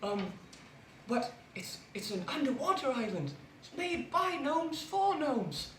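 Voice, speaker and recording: An exuberant little gnome fellow, played by a woman at a tabletop game, high and bouncy in pitch, gushing and giggly. The voice swings widely as he talks. It sounds roomy and a little distant from the mic, with steady background noise. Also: slow, heavily acted. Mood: proud. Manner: bubbly, giggly, effusive. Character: exuberant young male gnome adventurer. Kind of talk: tabletop role-play in character.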